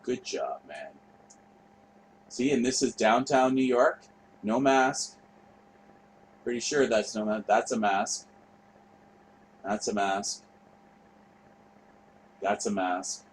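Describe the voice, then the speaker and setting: A man's voice: mid-range voice, flat delivery, takes it slowly, long pauses, low-quality recording. A man in the middle of his range talks loosely over footage as a show's host. He wanders, trails off and swears freely, with a faint hum of noise behind him. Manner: rambling, profane, offhand. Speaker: show host. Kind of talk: casual commentary over footage.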